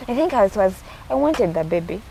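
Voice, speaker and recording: A woman's voice: mid-range voice, very animated, fairly quick, creaky, mellow, a little hiss or hum. A woman, recalling her own pregnancy in casual, confiding chat. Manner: confiding, reflective storytelling.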